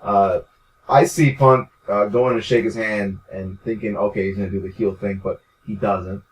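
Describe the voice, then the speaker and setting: A man's voice: on the low side, steady tone, moderate pace. A young man co-hosting a casual podcast in a laid-back, agreeable way. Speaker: podcast co-host. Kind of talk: casual chat. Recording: distant mic.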